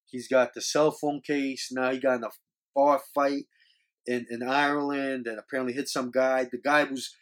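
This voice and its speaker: A man's voice: mid-range voice, flat delivery, normal speed. A man hosting a show, talking casually and earnestly with many restarts, scolding as he goes. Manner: rambling, repeats words, scolding and earnest. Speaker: podcast host. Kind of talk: casual opinion monologue.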